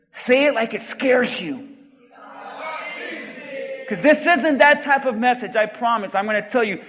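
A man preaching a sermon, swinging from loud emphatic shouts to quiet, drawn-out phrases in a church. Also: sits high. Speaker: pastor. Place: church sanctuary. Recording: long reverb in a large hall.

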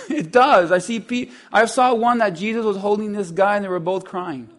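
A man preaching a sermon, speaking to the congregation conversationally and building from quiet asides to loud, urgent passages. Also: high voice, fairly even intonation, a little fast. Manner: conversational, quotes scripture in voices.

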